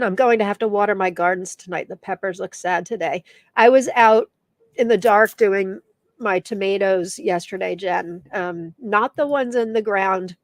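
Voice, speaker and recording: A woman's voice: mid-range voice, no echo. A middle-aged woman hosting a casual live stream, teary and emotional as she reads viewer comments aloud. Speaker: live show host.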